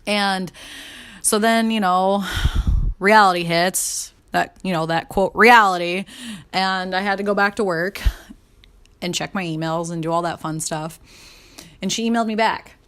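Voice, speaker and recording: A woman's voice: medium pitch, fairly even intonation, a little slow, long pauses, a bit bright, smooth. A young adult woman telling a personal story casually and candidly, swearing freely and acting out her own inner voice. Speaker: podcast host and coach.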